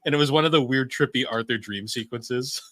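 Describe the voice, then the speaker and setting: A man's voice: mid-range voice, fairly quick, a bit bright, no echo. Chatty man with a dry, close sound. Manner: chatty, rambling, laughs at his own jokes. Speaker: podcast co-host. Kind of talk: casual chat.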